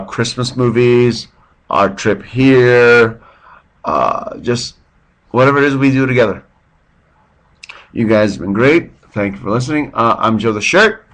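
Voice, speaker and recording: A man's voice: medium pitch, a bit bright. Man, podcast host, rambling off-the-cuff monologue, self-deprecating jokes. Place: at home, drinking beer while his partner sleeps.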